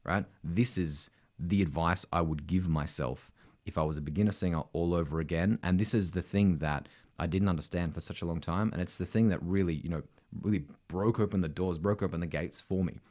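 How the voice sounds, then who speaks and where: A man's voice: deep voice, fairly quick, a little mellow. A man with an Australian accent, a vocal coach explaining technique in casual talk, often tagging his sentences with "right?". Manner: conversational, constant "right?" tags, sings demonstrations.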